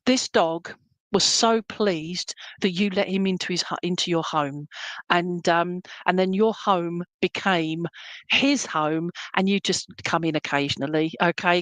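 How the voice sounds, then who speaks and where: A woman's voice: on the low side, a bit bright, no room sound. A woman giving a live psychic reading, reassuring and chatty, checking in often with "okay?". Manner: chatty and meandering, many fillers. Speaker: psychic medium.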